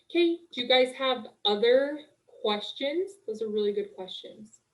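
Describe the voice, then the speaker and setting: A young woman working as a marriage coach, talking casually and warmly on a live webinar, full of "like" and "okay", speaking through a video call mic. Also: medium pitch, low-quality recording. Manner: chatty, upbeat, full of "like" and "okay".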